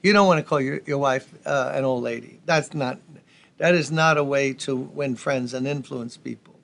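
A male pastor preaching a folksy, energetic sermon with asides to the congregation. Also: medium pitch, moderate pace, creaky.

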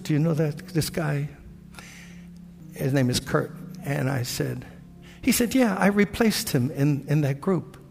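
An older male pastor preaching with earnest storytelling, acting out the prayers and conversations he recounts. His voice is gravelly and sits somewhat high for a man. It carries a long reverb from a large church hall. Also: darkish tone. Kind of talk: sermon.

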